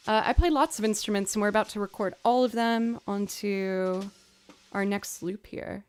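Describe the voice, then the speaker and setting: A young woman musician chatting casually as she builds a music loop, thinking out loud and making fun of her own mistakes. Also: mid-range voice, normal speed, smooth. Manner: chatty, thinks aloud, self-deprecating. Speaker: musician streamer. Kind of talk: casual chat while producing music. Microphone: studio mic.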